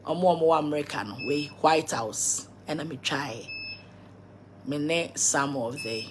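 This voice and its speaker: A woman's voice: sits low, unhurried, background noise. A Ghanaian woman preacher chatting casually on a live video, giving blessings and invitations to church. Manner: preachy, mixes blessings with laughter. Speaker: self-styled preacher.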